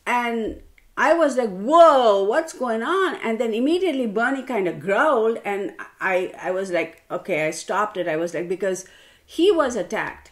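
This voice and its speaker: A woman's voice: medium pitch, animated, moderate pace. A woman tarot reader telling a rambling story straight to her viewers, calling them y'all.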